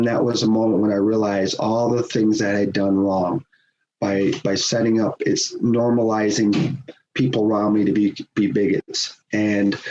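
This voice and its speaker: Middle-aged guy on a podcast telling a story, chuckles a lot, kinda echoey and muffled. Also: on the low side. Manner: animated, acts out quoted voices, chuckles often. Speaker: podcast guest, hockey official. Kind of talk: conversational storytelling. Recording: roomy, dull sound with faint hiss.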